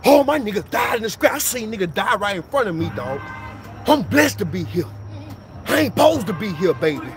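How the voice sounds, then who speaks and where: Man, motivational speaker, high-pitched, slangy preacher cadence, over a music track. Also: sing-song, a little fast. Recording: clear music bed under voice.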